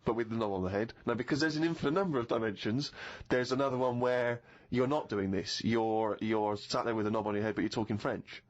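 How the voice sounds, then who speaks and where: Middle-aged co-host, self-mocking storyteller, mid-pitched, slightly muffled podcast sound. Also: male voice, quick pace, few pauses. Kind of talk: casual chat. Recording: slightly dull podcast audio.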